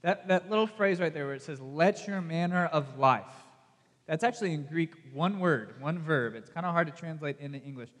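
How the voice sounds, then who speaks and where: Southern-accented male pastor, casual and self-deprecating, slightly higher voice, long hall reverb. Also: fast, hardly any pauses. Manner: chatty, self-deprecating, direct questions to the audience. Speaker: youth pastor. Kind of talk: casual conversational sermon.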